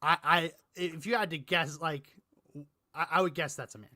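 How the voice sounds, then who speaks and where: A man co-hosting a political talk show in a bright, fairly high-pitched voice. He meanders and restarts his sentences, with the odd chuckle. He is recorded on a close, completely dry mic. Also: moderate pace, no echo. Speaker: podcast co-host. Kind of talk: casual political chat.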